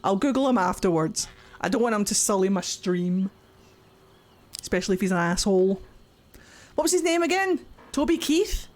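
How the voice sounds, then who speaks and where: A woman's voice: medium pitch, expressive, normal speed, long pauses, a little mellow. A woman live-streaming a game, chatting with viewers in a crude, giggly way and laughing often. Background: game music.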